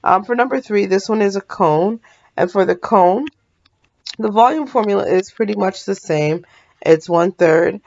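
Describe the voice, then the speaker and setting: A woman's voice: mid-range voice, moderate pace, gravelly, a little mellow, muffled recording, slight background noise. A woman math teacher talking through a recorded lesson in a sleepy, yawning, casual way, often stopping to apologize and correct herself.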